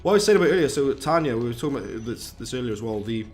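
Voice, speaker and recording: Racing along in an expressive mid-range voice, a man rambles through casual commentary on a live game stream. He chats with viewers, reads out their messages and drops British slang as game music plays behind him.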